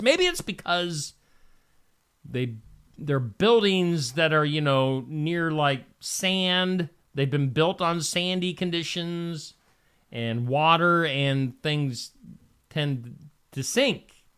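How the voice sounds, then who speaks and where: Lively, bright-voiced morning news host. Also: male voice, fairly high pitch. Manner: wisecracking, conversational commentary between headlines. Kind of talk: reading news stories with jokey asides.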